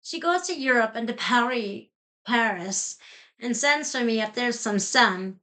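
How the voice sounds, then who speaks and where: Bright, animated woman reading a storybook. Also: a little high, measured pace. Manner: animated, playful, giggling between pages. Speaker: children's book reader. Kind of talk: storybook read-aloud.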